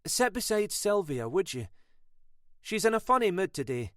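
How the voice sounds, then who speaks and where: A man voicing a brisk woman driver who is dry, teasing and firm. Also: high-pitched, sing-song, fairly bright tone, no echo, voice pushed up. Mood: wry, firm.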